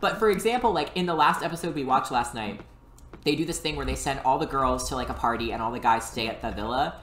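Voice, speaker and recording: A woman co-hosting a casual chat, telling animated stories with many "like" fillers. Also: very deep voice, fast talker, roomy sound, a little hiss or hum.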